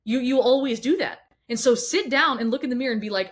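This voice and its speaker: Woman fitness coach, quick-fire blunt motivational talk, swears, repeats words, hits the listener with questions. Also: on the high side. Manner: asks rapid questions straight at the listener. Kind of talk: motivational monologue to camera.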